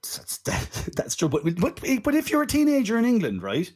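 A man's voice: very high voice, huge pitch swings, normal speed, darkish tone, breathy edge. An Irish man co-hosting a casual film-review podcast, chatting in a digressive way with frequent "right?" asides. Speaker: podcast co-host.

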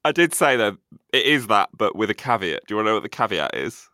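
A man's voice: on the low side, sing-song, quick pace, pushed and bright, no echo, studio quality. A man co-hosting a podcast in casual chat, running a quiz with a teasing, playful delivery. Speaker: podcast co-host.

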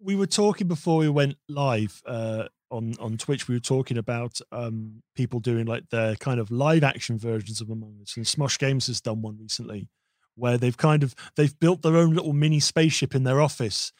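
A man hosting a casual streamed chat, animated and joking, often restarting his sentences. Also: mid-range voice, moderate pace, no echo, studio quality. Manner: animated, hops into silly voices, many restarts. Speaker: host.

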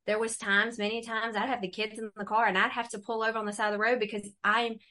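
A middle-aged woman telling her faith testimony in a relaxed conversation, animated and acting out the voices she quotes. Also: a little high, fast talker. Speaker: guest.

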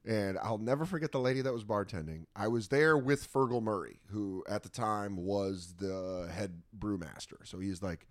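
An American man chatting casually, telling lively stories and swearing freely. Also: fairly low pitch, moderate pace, hardly any pauses, no echo. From United States. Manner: animated storyteller, swears freely. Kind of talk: casual chat.

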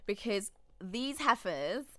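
A young woman, co-hosting a podcast in jokey, expressive casual chat. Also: mid-range voice, takes it slowly, dry recording. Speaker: podcast co-host.

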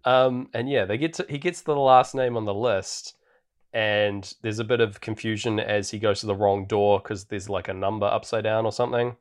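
Man, lowish voice, casual podcast chat, rambling delivery, lots of ums, relaxed. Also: normal speed. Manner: rambling, relaxed, heavy on fillers. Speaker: podcast co-host. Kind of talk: casual film recap chat. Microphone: podcast microphone.

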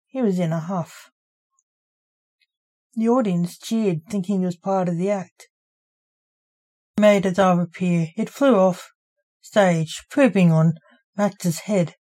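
A woman reading her own story aloud as its author, in an even, unhurried storybook narration. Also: medium pitch.

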